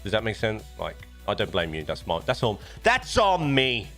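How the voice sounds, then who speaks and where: A man's voice: sits low, a little fast, gravelly, a bit bright, soft background music. A man with a British accent chatting casually on a live stream, rambling and often restarting his sentences. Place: home desk setup.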